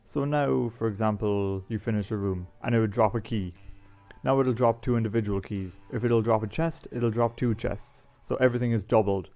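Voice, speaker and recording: Soft music runs behind a man playing a video game on YouTube, who chats loosely and explains the items as he goes. His voice is on the low side and darkish, and he speaks at a normal speed.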